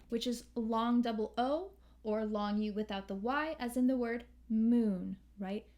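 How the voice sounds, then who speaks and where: Casting: woman, fairly high voice, unhurried pronunciation coach who sings lines to demonstrate. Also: fairly even intonation, a little mellow. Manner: slow, drawn-out demonstration of sounds, sings phrases. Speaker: English pronunciation teacher. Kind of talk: pronunciation lesson with sung examples.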